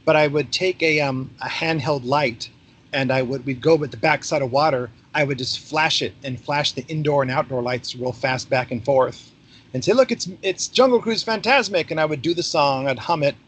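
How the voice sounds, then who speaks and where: A man's voice: mid-range voice, normal speed, slightly rough. A middle-aged man, a podcast guest, telling stories in a casual interview and acting out the dialogue with energy. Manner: animated, acts out quoted dialogue. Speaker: podcast guest, former theme park ride skipper.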